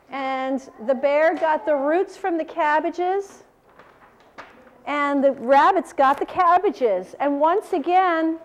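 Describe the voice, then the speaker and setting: High-voiced woman reading to children. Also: a little hiss or hum. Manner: animated, asks the children questions. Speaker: storyteller. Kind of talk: reading a picture book aloud to children.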